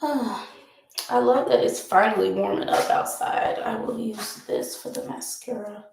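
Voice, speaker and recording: Chatty young woman with a gravelly voice. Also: on the high side, unhurried, a little mellow, reverberant, low-quality recording. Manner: rambling, laughs often, easily sidetracked. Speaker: vlogger. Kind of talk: casual chat while doing makeup.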